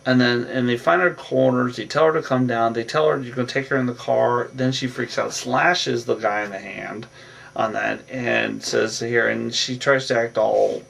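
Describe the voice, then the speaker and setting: A man casually recaps a movie's plot, rambling with lots of fillers and restarts and repeatedly saying "on that." His mid-range voice is fairly bright with vocal fry. He sounds distant from the mic, with faint music in the background.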